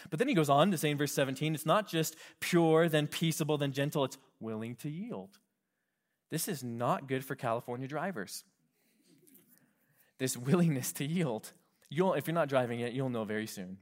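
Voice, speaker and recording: A man preaching a sermon as pastor, lively, acting out quoted voices and dropping to soft whispers. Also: mid-range voice, moderate pace. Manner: animated, acts out quoted voices and drops to whispers. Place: California.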